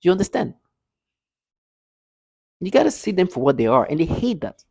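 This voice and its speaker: A man's voice: sits high, sing-song, moderate pace, vocal fry, dark tone, no room sound, low-quality recording. A man talking to his viewers in a casual monologue, insistent, often repeating words and restarting. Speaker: vlogger addressing his viewers. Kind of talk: casual spoken monologue to camera.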